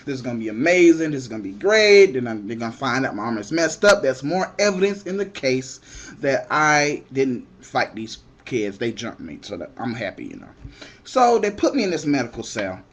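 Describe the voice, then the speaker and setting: A young man telling a comic story in an excitable way, shouting the punchlines and acting out the other people in it. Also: mid-range voice, moderate pace.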